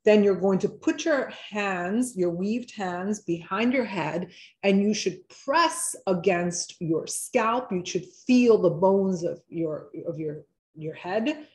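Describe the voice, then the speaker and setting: A woman hosts a live online wellness workshop, guiding her viewers through relaxation exercises one step at a time. She talks in a chatty, encouraging way and slows down when she gives instructions. Her voice sits at an ordinary middle pitch. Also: lively intonation.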